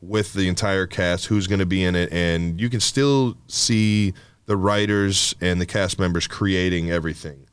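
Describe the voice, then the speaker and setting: A man's voice: low voice, moderate pace, smooth, no room sound. A young man co-hosting a podcast, talking in a loose, rambling way, swearing and laughing often. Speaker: podcast co-host. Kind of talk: casual chat.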